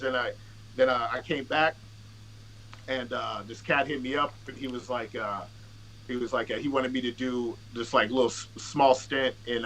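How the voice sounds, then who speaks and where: A man's voice: mid-range voice, sharp tone, slight background noise, rough recording. A man, a rapper guesting on a podcast, telling long profane anecdotes in casual conversation, restarting sentences and acting out what others said. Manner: profane, rambling anecdotes with quoted dialogue; restarts and filler-heavy delivery. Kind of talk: casual storytelling.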